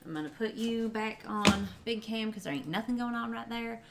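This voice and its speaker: A rambling, giggly woman talks with her viewers while she cooks at home. Her voice sits a little high, and loud noise runs under it the whole time. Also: moderate pace, creaky. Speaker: cooking livestreamer. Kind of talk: casual cooking livestream chat. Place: home kitchen.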